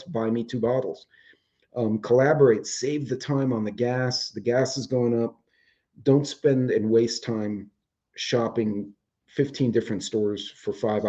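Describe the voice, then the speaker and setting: A man's voice: mid-range voice, mellow, dull audio. A man, hosting a casual chat show from home, rambling and swearing offhandedly, his voice starting to go. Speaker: host. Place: home, indoors with dogs.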